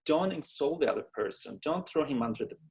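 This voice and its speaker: A man hosting an interview and asking probing questions in slightly halting phrasing. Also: on the high side, lively intonation, darkish tone, slightly rough, rough recording. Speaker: host.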